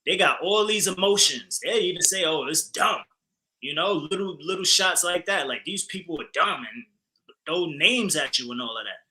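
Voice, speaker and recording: Bright, animated man in heated talk. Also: a little high, moderate pace, low-quality recording. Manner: animated, emphatic, frequent fillers and profanity. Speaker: podcast co-host. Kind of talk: casual heated discussion.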